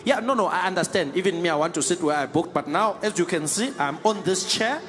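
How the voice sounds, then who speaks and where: A man's voice: high voice, lively intonation, fairly quick, a bit bright. A man playing a pushy South African passenger. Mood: insistent. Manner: insistent, cajoling. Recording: live stand-up with noisy crowd.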